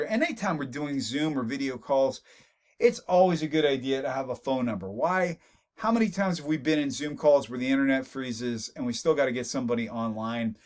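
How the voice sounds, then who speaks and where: A man giving a recorded online business lecture in a conversational way, often repeating a word as he gathers his thoughts. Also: medium pitch. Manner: conversational, repeats words while thinking. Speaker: instructor.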